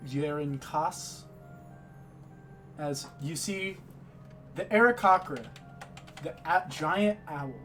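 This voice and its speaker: A man running a tabletop game, narrating and introducing characters at an unhurried crawl. His voice sits a little high for a man, with soft music playing faintly behind him. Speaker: game master.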